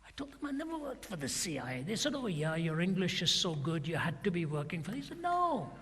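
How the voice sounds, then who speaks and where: A man's voice: high-pitched, wildly swooping pitch, brisk, fairly bright tone, slightly rough. An older male preacher telling a story in a sermon, acting out both sides of a dialogue in a dramatic retelling. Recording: long reverb of a large hall.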